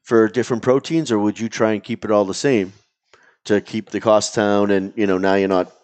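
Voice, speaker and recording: A man's voice: fairly low pitch, steady tone, fairly quick, darkish tone. A man hosting a barbecue podcast, asking questions in a laid-back chat and laughing often. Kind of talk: casual chat.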